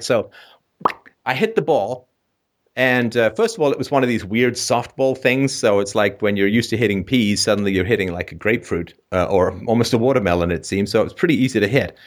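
A man from England with an English accent, hosting a call-in show and telling animated stories from his childhood, laughing often. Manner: animated, laughs often, jumps into a high voice for emphasis. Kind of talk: anecdotal storytelling.

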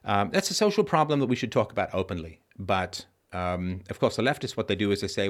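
A man with a somewhat low, expressive, trained voice hosts a live-stream Q&A. He reads viewer comments and answers them conversationally, often stopping to restart his sentences. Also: fairly quick, few pauses. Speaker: host.

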